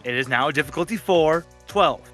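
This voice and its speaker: Bright-voiced man running a tabletop game. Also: a little high, normal speed. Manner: playful, laughs while narrating, does character voices. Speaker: game master. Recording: faint music behind.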